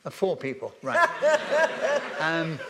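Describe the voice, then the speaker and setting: A man's voice: fairly high pitch, huge pitch swings, slow, a crowd in the background. An older man telling stories on a festival stage, rambling with many ums and restarts, and chuckling at his own anecdotes. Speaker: veteran broadcaster and guest. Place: festival stage before an audience.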